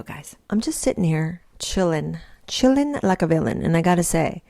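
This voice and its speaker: An American woman talks straight to her viewers in a casual commentary vlog, seated at home. Her voice is on the low side for a woman, and her chat swings between gushing praise and snark. She keeps it loose and conversational. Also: creaky, dark tone. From United States. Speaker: YouTube commentary host.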